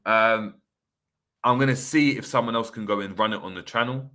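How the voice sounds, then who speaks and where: A man hosting a casual football livestream, chatty and relaxed with lots of fillers. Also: lowish voice, normal speed. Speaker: host.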